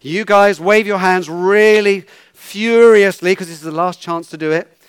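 Playful preacher with children. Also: male voice, high-pitched, normal speed, clean tone, dry recording, studio quality. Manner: playful, coaxing, gives instructions. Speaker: preacher leading a children's talk. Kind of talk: lively church talk with children. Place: church.

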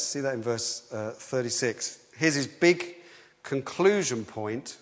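A man preaching a sermon in a lively, conversational way, often restarting his sentences. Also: mid-range voice, a little slow. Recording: long hall reverb.

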